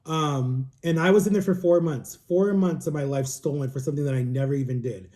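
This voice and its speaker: A man's voice: on the high side, a little fast, dark tone. A young man telling a personal story in a casual, rambling way, filling his talk with "like" and acting out what others said. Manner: rambling, frequent "like", quotes others in dialogue. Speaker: vlogger. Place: home.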